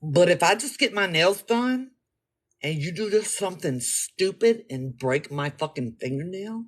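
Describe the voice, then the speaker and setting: A woman's voice: medium pitch, expressive, normal speed. A woman vlogging to camera in a blunt, profane way, acting out her own reactions as she talks. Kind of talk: casual talk to camera.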